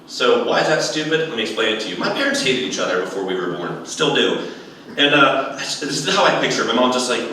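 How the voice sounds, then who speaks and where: A young man doing a stand-up comedy set, telling animated stories and acting out other people's voices. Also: mid-range voice, a little fast, distant mic, a little hiss or hum. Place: comedy club stage. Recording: echoey room heard from afar.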